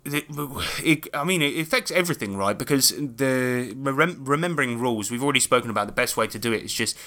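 Male podcast co-host, bright tone, loose swearing anecdote-teller with restarts and laughs. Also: mid-range voice, expressive, a little fast. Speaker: podcast co-host and game master. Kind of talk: casual podcast chat.

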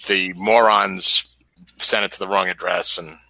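A man's voice: deep voice, steady tone, measured pace, bright, forceful tone, dry recording, low-quality recording. A man appearing as a guest on a casual podcast, telling stories in a provocative, joking way. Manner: provocative, storytelling, laughs at own jokes.

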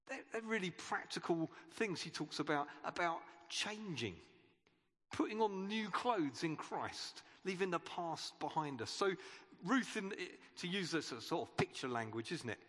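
Male preacher, bright high voice, bouncy delivery, conversational sermon in a reverberant church hall. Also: moderate pace. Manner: chatty and animated, with playful asides.

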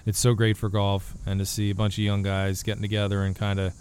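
Low-voiced joking male guest. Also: completely flat delivery, fast talker, darkish tone, a little hiss or hum. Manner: joking, rambling with restarts. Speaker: guest author. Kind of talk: casual podcast chat.

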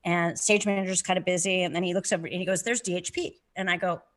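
A woman hosts a podcast conversation, telling anecdotes with animated energy. Her voice is bright and forward, and she laughs easily between stories. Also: lowish voice, quick pace. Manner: animated storyteller, laughs often. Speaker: podcast host. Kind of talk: casual conversation.

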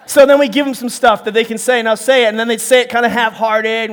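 A pastor preaching a sermon who tells stories with animated acted-out dialogue and frequent laughter. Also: male voice, very high-pitched, fast, hardly any pauses. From northern United States. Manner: animated storytelling, acts out dialogue, laughs often.

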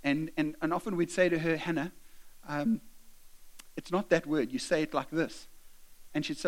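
Middle-aged guy preaching, high voice, earnest and direct, chatty asides. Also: steady tone, moderate pace, long pauses. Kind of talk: sermon.

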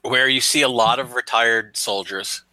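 Casting: bright-voiced male game master, loose rambling narration, dry sound. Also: mid-range voice, fairly even intonation, moderate pace, no room sound, low-quality recording. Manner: rambling, many "you know" fillers.

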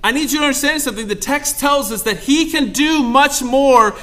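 A man's voice: very high voice, normal speed, bright, forceful tone. A young pastor preaching a sermon to his congregation, calling out asides and asking for amens. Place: church sanctuary.

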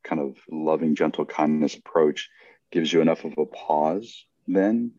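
Deep husky male podcast host. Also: a little slow, no echo, dull audio. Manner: relaxed, affirming listener. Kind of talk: casual interview questions.

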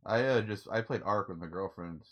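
A man's voice: lowish voice, brisk, crowd noise. A man co-hosting a casual podcast, talking into a cheap microphone, mumbling and trailing off, swearing now and then. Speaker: podcast co-host.

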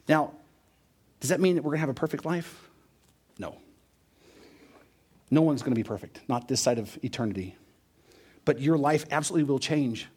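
A man preaching a sermon, emphatic, often repeating words for stress and asking his listeners "right?". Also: sits high. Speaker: pastor.

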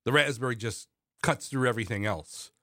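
A man's voice: mid-range voice, brisk, bright, forceful tone, no room sound. Male co-host, playful connoisseur manner, mid voice, dry mic. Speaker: radio co-host. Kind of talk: casual studio chat.

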